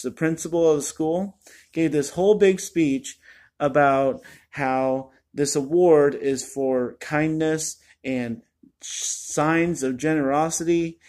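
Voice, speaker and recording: A man's voice: fairly high pitch, darkish tone. A man giving a casual spoken film review, exasperated and complaining, full of fillers. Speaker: movie reviewer.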